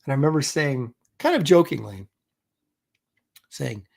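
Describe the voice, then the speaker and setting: A man's voice: medium pitch, expressive, measured pace, creaky, a little mellow. A middle-aged man talks casually on his own live stream. He rambles and mocks himself, and he fills his talk with ums and false starts. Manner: rambling, self-mocking, many fillers and restarts. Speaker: host of a live comic art stream.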